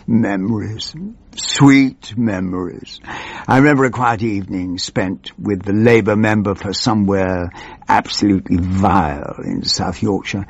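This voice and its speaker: A man playing a rambling, pompous, forgetful older member of parliament in a comic monologue, with a creaky, husky, plummy voice. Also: lowish voice, no room sound, dull audio, heavily acted. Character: doddering old male MP, pompous, rambling.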